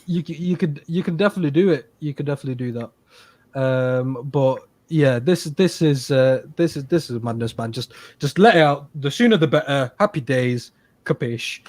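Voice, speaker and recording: A man's voice: mid-range voice, normal speed, a little mellow, no echo. A man co-hosting a casual podcast, rambling and repeating himself as he talks. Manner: rambling, repeats words, laughs. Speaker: podcast co-host. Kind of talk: casual advice podcast chat. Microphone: podcast microphone.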